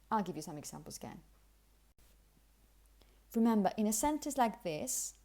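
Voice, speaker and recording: A woman giving a pronunciation lesson, with a mellow, warm voice. She explains patiently and says each example sentence twice, first carefully and then softly and loosely, the way it sounds in connected speech. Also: mid-range voice. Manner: models example sentences slowly, then repeats them relaxed and weak. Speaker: English pronunciation teacher.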